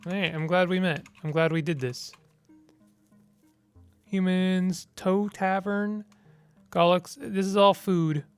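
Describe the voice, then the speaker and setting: A man plays a text game and narrates casually, reading the on-screen options aloud in a clear, slightly high voice. He mumbles through menu choices. Faint music plays behind him. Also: steady tone, slow pace, pauses often. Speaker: gamer. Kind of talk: casual gameplay commentary.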